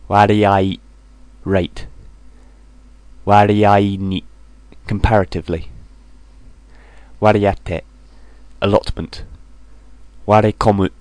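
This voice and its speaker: A man with a deep voice reads a vocabulary list at a very unhurried pace, pausing between each word and its English meaning. The sound is dry and close, with no room around it. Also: smooth, no room sound. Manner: reads each word then its English gloss, flat and measured. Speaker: language teacher. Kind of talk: vocabulary drill reading.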